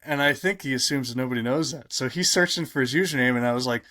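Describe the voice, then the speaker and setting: A man's voice: medium pitch, fast. Rambling man telling a story. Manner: rambling, many fillers, animated when quoting others. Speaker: podcast guest. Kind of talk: casual storytelling chat.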